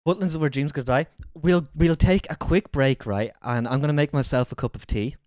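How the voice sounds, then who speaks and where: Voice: medium pitch, a little fast, a little mellow, dry recording, studio quality. A livestreamer chatting casually with the audience in a playful, joking way, with casual swearing.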